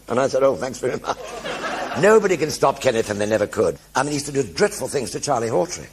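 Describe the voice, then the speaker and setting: An older man telling anecdotes in a one-man stage show before an audience, animated and acting out the voices of everyone in his stories. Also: medium pitch, a little fast, crowd noise. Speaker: stage performer.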